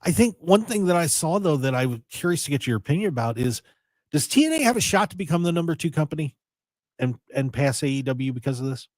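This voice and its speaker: A man hosting a wrestling radio show in casual chat, animated and prone to repeating words as he starts a sentence. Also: fairly high pitch, fast, dry recording, clean studio sound.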